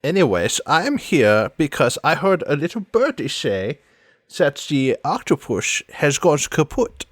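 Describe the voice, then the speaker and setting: A man's voice: a little high, big pitch swings, a little slow, dry recording, studio quality. A man voicing a sly, flirtatious woman who teases and dodges questions, in a tabletop role-play. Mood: coy. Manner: playful, mock-sultry, calls others darling. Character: sly flirtatious adult woman, teasing and evasive.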